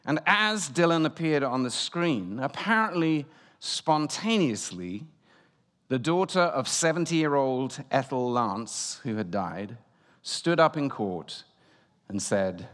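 A man giving a sermon as guest preacher, telling a story and swinging between loud and hushed delivery. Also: a little high, expressive, takes it slowly. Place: church. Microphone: room microphone. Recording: long church reverb.

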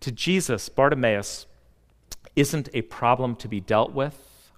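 A pastor, a man with a mid-range voice, preaches a sermon in a large hall. His delivery is earnest, building to emphatic peaks and then sinking into slow, hushed passages.

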